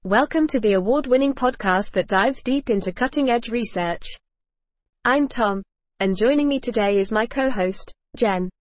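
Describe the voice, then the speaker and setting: A woman's voice: a little high, moderate pace, dry recording. Dry, evenly read woman podcast host. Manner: polished, evenly read, reads cue notes aloud. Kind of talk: scripted podcast discussion.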